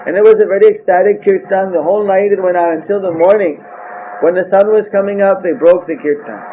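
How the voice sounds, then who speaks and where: A man with a high voice lectures on scripture in a storytelling way. He keeps saying "you see" to his listeners. The old recording sounds dull, with a faint hiss behind it. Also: fast talker. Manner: storytelling with acted quotes, frequent "you see". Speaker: spiritual teacher.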